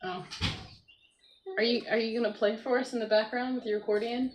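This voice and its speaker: A woman's voice: a little high, steady tone, fairly quick, slight background noise, rough recording. Chatty woman hosting a morning livestream. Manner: chatty, reads chat aloud, talks to her child between comments. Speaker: livestream host. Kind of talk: casual morning livestream chat. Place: at home by a computer.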